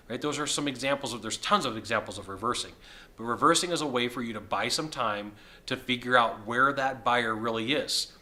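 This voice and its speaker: A sales consultant talking casually to camera from a hotel suite, upbeat and chatty, his voice a little hoarse from losing it. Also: medium pitch, a little fast, pushed and bright. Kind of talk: casual video talk to camera.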